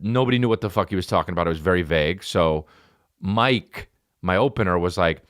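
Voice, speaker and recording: Low-voiced guy rambling a crude comic story, lots of restarts, dry close mic. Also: a little fast, fairly bright tone, no room sound. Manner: rambling, profane, restarts a lot. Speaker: comedian. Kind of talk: podcast storytelling. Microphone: studio podcast mic.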